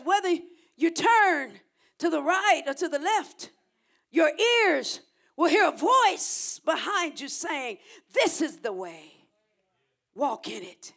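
Preaching with a high-pitched, gravelly voice, a middle-aged female pastor shouts out repeated rhythmic lines and urges her congregation to answer back.

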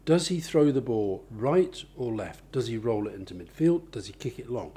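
Husky, mellow man explaining ideas. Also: mid-range voice, expressive, moderate pace. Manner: thoughtful, explains with examples, many restarts. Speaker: author and interviewee. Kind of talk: conversational interview.

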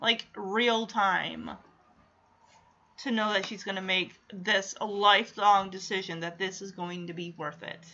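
A woman hosting a reaction video who chats in a casual, excitable way and laughs often while recapping a scene, heard in a dull lo-fi recording. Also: mid-range voice, unhurried.

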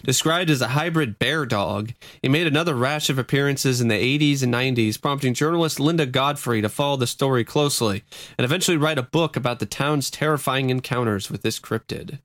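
A man's voice: mid-range voice, brisk, fairly bright tone, no room sound. Male podcast co-host, close dry sound, easy laughs, mock-outraged banter. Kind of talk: casual comedic podcast chat.

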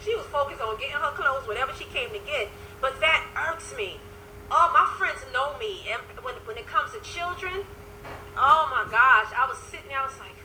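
Bright, high-voiced woman life coach. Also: slight background noise, low-quality recording. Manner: animated storytelling with religious interjections. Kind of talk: casual livestream talk to viewers. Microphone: phone.

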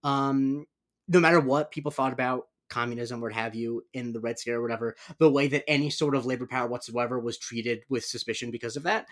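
A man hosting a podcast, reviewing a film in casual chat and running through the cast with quick asides. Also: medium pitch, fairly even intonation. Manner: chatty, lists cast members with asides. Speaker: podcast host.

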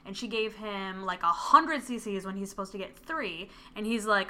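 A woman in casual chat, retelling a film's plot with lively acted-out lines. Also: a little high, brisk. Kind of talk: casual movie recap chat.

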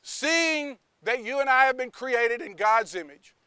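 A male preacher with a high, bright voice tells a sermon story in an animated, theatrical way. The voice is clear and the recording dry. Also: unhurried, no room sound.

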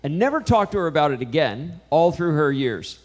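A man's voice: on the high side, very animated, a little fast. Middle-aged man, casual co-host telling a family anecdote. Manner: chatty, anecdotal. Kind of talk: casual conversational talk.

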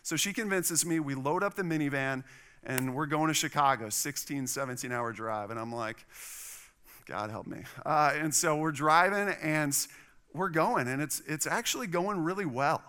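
A middle-aged man preaching a sermon, telling a personal story in an animated way and acting out the voices of the people in it. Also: a little high, moderate pace, smooth. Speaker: pastor.

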